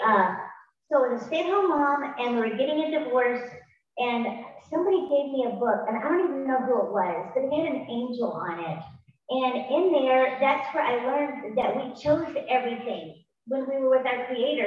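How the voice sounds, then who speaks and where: A middle-aged woman giving a chatty, emphatic motivational testimony to a live audience, with spoken affirmations. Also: on the high side. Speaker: speaker sharing her story. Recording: far-off echoey room, dull sound.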